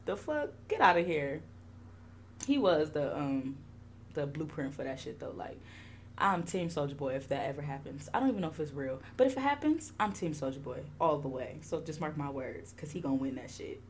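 A woman's voice: deep voice, moderate pace, slight background noise. A young woman hosting a podcast, chatting casually with lots of laughter and swearing. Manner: animated, laughing, profane. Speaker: podcast host.

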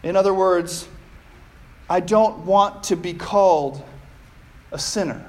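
A man preaching a sermon as pastor, measured and deliberate, often posing rhetorical questions to the congregation. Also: high voice.

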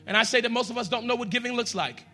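A pastor preaches in a church with a high, bright, ringing voice. He speaks straight to his congregation and swings between hushed asides and loud, emphatic lines. Faint music plays behind him. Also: very fast. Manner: addresses the congregation directly, leads them in prayer. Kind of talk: sermon.

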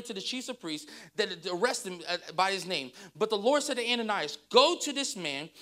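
A woman pastor preaching a sermon, reading scripture and joking with the congregation in a lively way. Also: a little high.

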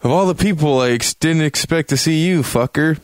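A man's voice: on the high side, brisk, dry recording, pitched above the performer's own voice, natural voice. A man voicing a crude, swearing adult male survivor leader in a mocking, brash tone.

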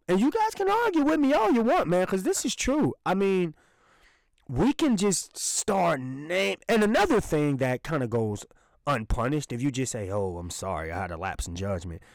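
A man's voice: a little high, no room sound, low-quality recording. Sarcastic, profane male podcast ranter. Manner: indignant, sarcastic, profane, laughs while ranting. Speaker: podcast host. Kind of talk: ranting solo podcast commentary.

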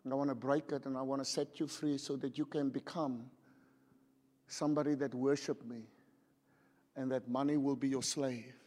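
A man voicing God as a calm, fatherly male deity who gently rebukes, speaking low, hushed and measured. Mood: gently rebuking. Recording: long church hall reverb.

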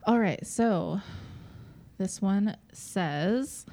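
A woman's voice: medium pitch, expressive, drawn-out words, mellow. A woman co-hosting a casual podcast, reading a listener's email aloud with dry asides. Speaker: podcast co-host.

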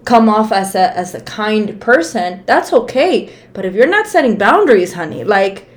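A woman's voice: medium pitch, sing-song, moderate pace. Frank, profane woman podcast co-host. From Mexico heritage, raised in the United States. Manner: frank and profane, emphatic, laughs easily. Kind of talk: casual podcast chat.

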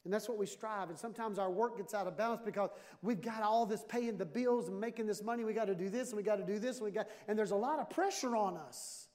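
A man in his fifties preaching a sermon with humor, animated and jokey, acting out little dialogues. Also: high-pitched, quick pace, few pauses. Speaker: pastor. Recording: long hall reverb.

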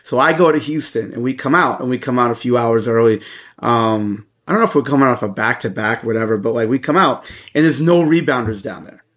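Guy swearing a lot telling a story on a podcast, loose and animated, regular pitch. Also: fairly quick. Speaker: podcast co-host. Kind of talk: casual storytelling chat.

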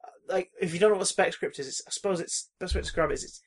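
A man co-hosting a casual film podcast, animated and profane, acting out reactions with loud exclamations. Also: high-pitched, rapid-fire, husky. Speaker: podcast co-host.

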